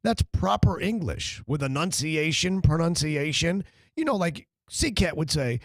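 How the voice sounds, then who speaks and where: A man hosts sports talk radio from a dry, close studio mic. His somewhat high voice swoops up and down as he riffs and needles his co-hosts. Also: measured pace, no echo. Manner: animated, riffing, teasing co-hosts. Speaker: radio show host. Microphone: studio microphone.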